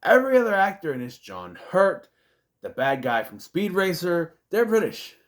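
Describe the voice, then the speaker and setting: A man talks through a movie review in a loose, rambling way. His pitch swings up and down a lot, and he keeps breaking off into self-deprecating asides. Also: very animated, moderate pace. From United States.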